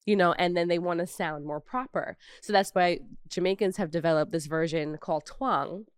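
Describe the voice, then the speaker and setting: Low-voiced woman telling a story. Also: moderate pace, smooth, no echo, clean studio sound. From Brooklyn, New York. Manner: reflective storytelling with asides. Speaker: podcast co-host. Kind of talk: casual conversation.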